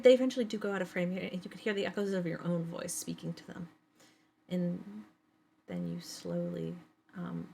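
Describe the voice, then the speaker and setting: Low-voiced woman game master. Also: vocal fry, darkish tone, slight background noise. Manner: halting, many fillers. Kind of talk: narrating a tabletop game.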